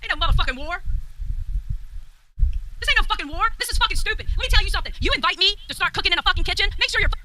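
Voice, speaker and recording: A woman's voice: very high voice, expressive, rapid-fire, long pauses, pushed and bright, slight background noise, rough recording. A woman on a livestream, ranting angrily and confrontationally, swearing heavily at someone she is calling out. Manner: heated, profanity-laden, confrontational. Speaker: livestreamer in a dispute. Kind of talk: angry livestream rant.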